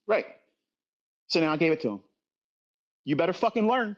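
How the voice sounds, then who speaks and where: A man's voice: on the high side, expressive, moderate pace, lo-fi sound. Profane, scolding middle-aged man. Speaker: trading educator. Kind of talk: livestream rant.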